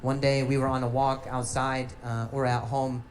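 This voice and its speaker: A young man doing a stand-up storytelling set, animated, often restarting and repeating words. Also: medium pitch, normal speed, a little hiss or hum, low-quality recording. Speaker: stand-up comedian.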